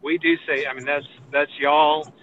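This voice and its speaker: A man's voice: fairly high pitch, flat delivery, moderate pace, narrow, tinny audio, slight background noise. A man from Texas with a Texan accent, chatting casually from a parked car, rambling with lots of fillers. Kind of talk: casual chat.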